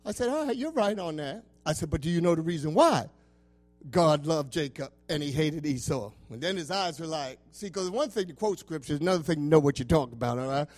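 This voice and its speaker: A man preaching a sermon with passion, swinging from loud calls to soft asides. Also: fairly high pitch, expressive, fairly quick, soft background music.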